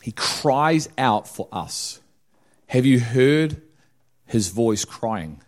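A man preaching a sermon, recounting a vision calmly at first, then building to loud, drawn-out preaching. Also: mid-range voice. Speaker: pastor.

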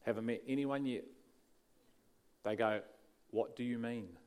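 A man preaching a sermon, shifting between quiet passages and emphatic lines. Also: medium pitch, measured pace, clear, resonant tone.

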